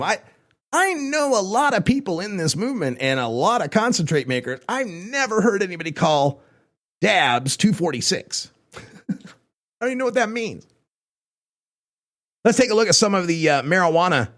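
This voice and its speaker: A man's voice: high voice, fairly bright tone. An older man hosting a talk radio show, chatting casually with wry jokes and chuckling asides.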